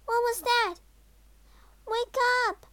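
A woman voicing a frightened young girl in a read-aloud storybook, anxious and high. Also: unhurried, a bit bright, exaggerated voice. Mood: scared.

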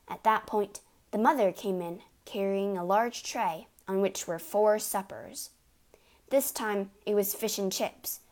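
Woman narrator, children's book reading, clear, expressive, mid pitch. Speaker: storybook narrator.

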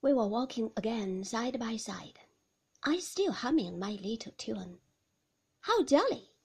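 A woman narrating a novel in a soft, hushed, whispered storybook reading. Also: a little high, animated, a little slow, creaky, slightly rough. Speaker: audiobook narrator.

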